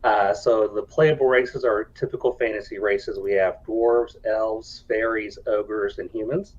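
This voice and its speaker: A man's voice: fairly low pitch, steady tone, measured pace, highs cut off. A man guest on a video call, explaining his game setting in a plain, explanatory way.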